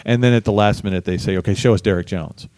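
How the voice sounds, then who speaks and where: A middle-aged man, a bass musician, telling a lively story in a casual interview, acting out the people he quotes. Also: quick pace, no room sound. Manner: animated storyteller, acts out quoted voices. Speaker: guest musician.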